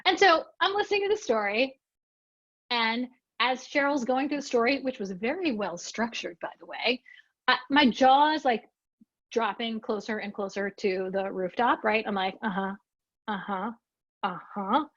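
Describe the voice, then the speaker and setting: A woman presenting a storytelling webinar, telling anecdotes in a lively, expressive way and acting out her own lines. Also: a little high, normal speed, dry recording, muffled recording.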